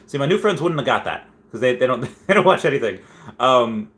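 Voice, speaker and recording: A man hosting a casual livestream, reading viewer comments aloud and rambling excitedly. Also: mid-range voice, brisk. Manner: excitable, rambling, many restarts and squeals. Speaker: livestream host.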